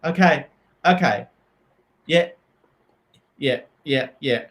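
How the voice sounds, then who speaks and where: A man voicing a frazzled young man who bosses his housemate around, loud, rushed and exasperated. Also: on the high side.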